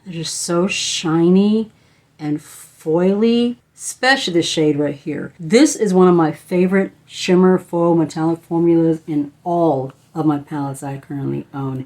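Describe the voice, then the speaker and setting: A woman's voice: sits low, warm tone. A woman beauty vlogger, likely in her thirties, from the United States, chatting casually and gushing enthusiastically about eyeshadow palettes. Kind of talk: casual product review.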